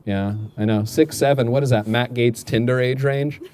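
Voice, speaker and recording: A young man doing stand-up crowd work outdoors on a city street through a portable speaker, firing off quick political one-liners and teasing people passing by. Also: mid-range voice, steady tone, a little mellow. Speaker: stand-up comedian. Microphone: amplified through a portable speaker.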